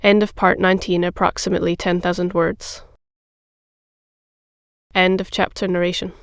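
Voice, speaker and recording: Audiobook narrator, measured, flat delivery, dry close recording. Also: medium pitch, creaky, clean tone, no room sound.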